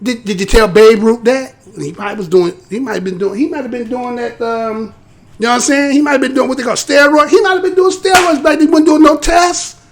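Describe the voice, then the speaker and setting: High gravelly-voiced American man commenting. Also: brisk. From United States. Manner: conversational, rhetorical, tags points with "right?". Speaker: live show host. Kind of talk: casual commentary.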